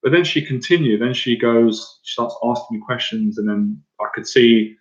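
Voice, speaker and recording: An Irish confidence coach in his thirties chats casually with livestream viewers, excitable and rambling, full of fillers and restarts. His voice is medium-pitched at a normal speed, recorded in an echoey room with dull, lo-fi sound.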